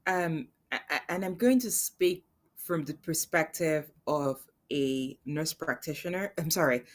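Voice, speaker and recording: A woman's voice: low voice, a little slow. A woman nurse practitioner answering as a guest in a casual interview, giving brief replies and laughing often. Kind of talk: casual live interview chat.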